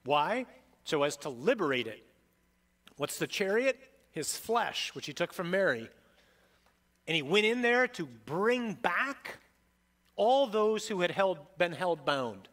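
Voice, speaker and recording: A man's voice: high-pitched, sing-song, unhurried. Emphatic man preaching a sermon. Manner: emphatic, dramatic preaching with sudden loud peaks and soft drops. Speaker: priest.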